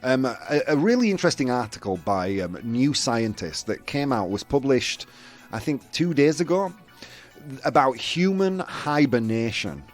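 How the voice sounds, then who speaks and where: A man's voice: medium pitch, very animated, moderate pace, darkish tone, faint music behind. A young man from the UK hosting a casual chat show, rambling with lots of fillers and restarts. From United Kingdom. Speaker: host.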